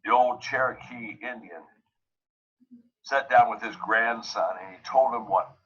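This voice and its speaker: A male motivational speaker who drives his points home and repeats key phrases. His voice is bright and forceful with a husky edge. The recording sounds dull and lo-fi. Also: medium pitch, measured pace. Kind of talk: motivational talk.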